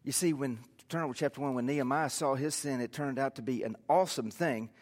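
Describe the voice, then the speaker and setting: A pastor preaching a sermon to his congregation, swinging from loud to hushed. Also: medium pitch, fast talker, big-room sound.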